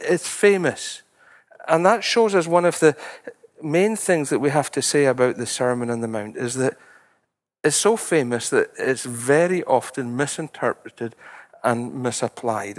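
A middle-aged man, a preacher giving a sermon in an earnest, conversational way, lifting his voice to stress points. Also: mid-range voice.

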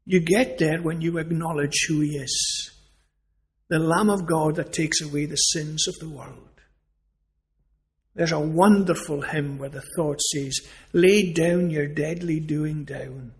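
A man's voice: on the high side, steady tone, measured pace. A man preaching a sermon, earnest and emphatic, asking rhetorical questions.

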